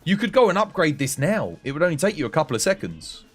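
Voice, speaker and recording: An English man streaming a game and coaching his chat, relaxed and chatty. His voice sits a little high and moves around a lot as he talks. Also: fast, soft background music. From England. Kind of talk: casual livestream chat.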